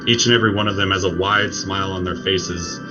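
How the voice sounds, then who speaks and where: A man with a low, deep voice narrates a tabletop game as its game master. He tells the scene in a measured way with "uh" fillers, over a dull, lo-fi sound with clear music playing behind him. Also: fairly even intonation.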